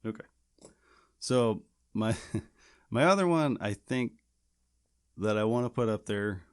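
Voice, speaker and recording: A man's voice: fairly low pitch, animated, takes it slowly, clear, resonant tone. A man co-hosting a podcast, chatting casually and rambling with many restarts and fillers. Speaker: podcast co-host. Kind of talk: casual chat.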